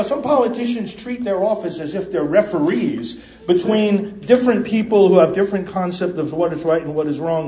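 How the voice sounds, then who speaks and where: Impassioned male preacher from the US, high voice, roomy echo, loud peaks and quiet asides. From United States. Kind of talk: sermon.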